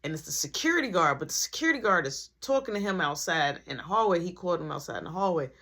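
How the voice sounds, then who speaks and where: Young woman, storytime vlog, slangy, lively swings in pitch, bright tone. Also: quick pace. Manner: animated, slangy, acts out every part.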